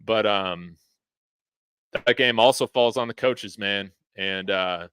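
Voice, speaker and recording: A man with a low, bright, clear voice hosts a casual sports podcast, heard close up in a dry space. He stays laid-back and chuckles often, and he leans on easy fillers as he talks. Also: slow pace, no room sound. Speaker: podcast host.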